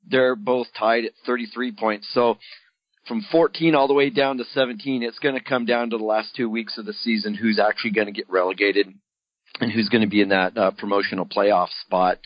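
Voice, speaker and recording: A man's voice: lowish voice, steady tone, fairly quick, dry recording. Guy reading off league standings matter-of-fact, dry close mic, kinda muffled. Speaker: podcast co-host. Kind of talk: casual football podcast chat. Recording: dry, dull lo-fi podcast audio.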